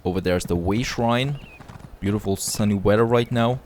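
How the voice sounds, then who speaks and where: A man's voice: lowish voice, normal speed, a little mellow, slight background noise. A man giving casual, upbeat commentary as he plays a video game, often admiring the scenery aloud. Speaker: let's play host.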